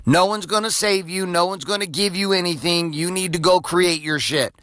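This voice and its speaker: A man's voice: sits high, expressive, moderate pace, few pauses, sharp tone, no room sound. A man in his forties, the host, giving an off-the-cuff motivational monologue in an intense, profane way, full of "like". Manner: profane, intense, filler-heavy. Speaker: podcast host.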